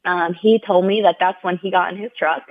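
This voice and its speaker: A woman's voice: lowish voice, steady tone, a little fast, no room sound. Earnest woman guest on a tinny line. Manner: earnest, heartfelt retelling, heavy use of "like"; acts out the people she quotes in raised voices. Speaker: podcast guest. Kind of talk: personal storytelling in a conversational interview. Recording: tinny phone-like sound, dry.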